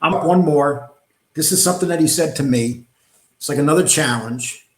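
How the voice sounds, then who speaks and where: Guy mocking a clip on his channel, slightly high voice, echoey room. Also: normal speed. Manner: scornful, dismissive. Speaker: commentary channel host. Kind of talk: reaction commentary.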